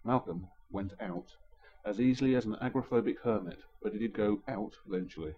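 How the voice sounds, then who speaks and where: A man's voice: on the low side, brisk, lo-fi sound. A man narrating a story in a dry, wry manner.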